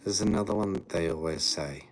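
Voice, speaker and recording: Male streamer, low voice, relaxed laughing banter, light background hiss. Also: a little fast. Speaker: live streamer. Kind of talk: casual live-stream chat.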